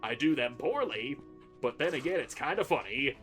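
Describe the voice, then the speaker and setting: A man's voice: mid-range voice, sing-song, normal speed, music in the background. A man giving crude, sarcastic commentary while playing a video game, trash-talking the enemies he fights. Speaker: gaming channel host. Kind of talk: gameplay commentary.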